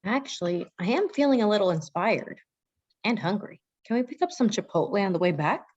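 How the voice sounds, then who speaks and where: A woman's voice: medium pitch, lively intonation, a little mellow, husky, no echo. Woman playing a brash, boastful young guy. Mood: casual. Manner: bossy, fast-talking bragging. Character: brash young man, boastful wannabe mogul. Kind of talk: amateur comedic audio drama. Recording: dull dry lo-fi mic.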